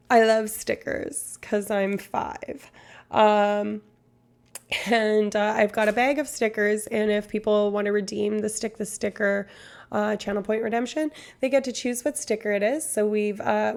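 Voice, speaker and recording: A woman's voice: medium pitch, gravelly. A woman in her twenties chatting casually on a livestream in a put-on Australian accent that slips at times. She is self-mocking, laughs often and swears freely. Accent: put-on Australian, slipping at times. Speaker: streamer.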